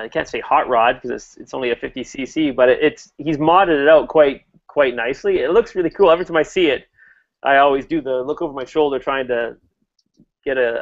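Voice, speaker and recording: A man's voice: mid-range voice, lo-fi sound. A man hosting a casual motorcycle chat, talking in a rambling way with lots of fillers and restarts.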